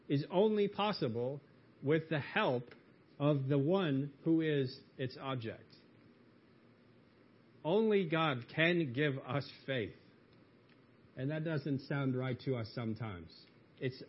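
A man preaching a sermon in an earnest way, lifting his voice into emphatic pleas as he quotes. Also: mid-range voice. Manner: earnest, rising to emphatic pleas when quoting. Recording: dull lo-fi audio.

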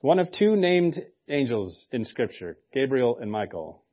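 A man's voice: mid-range voice, big pitch swings, measured pace, muffled recording. A male pastor preaching a sermon in a conversational way, with joking asides.

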